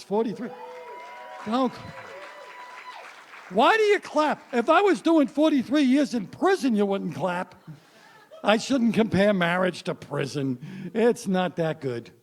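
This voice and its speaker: Stand-up comic, male, 60s, high-pitched, wry punchy delivery, works the room. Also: sing-song, a little slow. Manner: punchy, wry, addresses the crowd. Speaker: stand-up comedian. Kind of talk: stand-up comedy set. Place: stage before a live audience.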